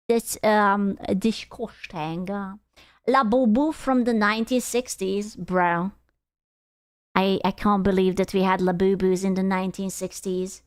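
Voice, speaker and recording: A young woman streaming and reacting to videos in casual chat, blunt and quick to swear. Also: mid-range voice, clear, resonant tone, no echo, clean studio sound. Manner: blunt, swears freely, laughs often.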